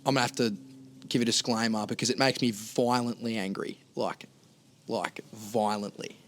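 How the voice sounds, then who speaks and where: A man's voice: lowish voice, fairly even intonation, moderate pace, fairly bright tone. An Australian man, a singer and guest in a casual chat, blunt and ranting.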